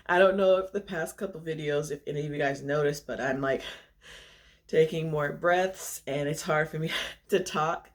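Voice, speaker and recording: Breathy, chatty young woman vlogging. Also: deep voice, normal speed. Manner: chatty, open, laughs often, out of breath. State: short of breath. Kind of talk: casual chat to camera.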